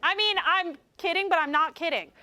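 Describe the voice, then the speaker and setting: A woman's voice: very high voice, brisk, sharp tone. A woman giving a live workshop talk in an indoor meeting room, speaking into a handheld mic with a wry, joking delivery.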